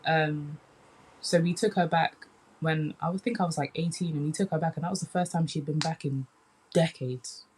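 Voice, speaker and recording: A young woman from the UK, a comedian chatting casually in an interview, animated and relaxed, often saying "man". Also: low voice, normal speed, slightly rough. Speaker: comedian guest.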